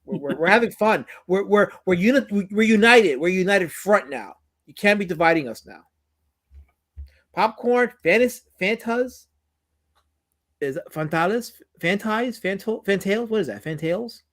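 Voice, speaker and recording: A man's voice: sits high, moderate pace. Casual talk-show host from New York, a man who rambles and stutters over words. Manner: animated, rambling, repeats words. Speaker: podcast host. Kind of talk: casual chat.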